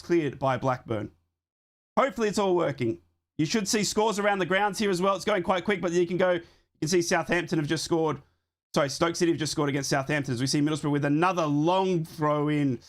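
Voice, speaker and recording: Hoarse, chatty watchalong host, a man. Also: a little high. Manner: chatty, talks to his live chat while fixing things on the fly. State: hoarse, sick with a chest infection. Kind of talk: live football watchalong chat and commentary.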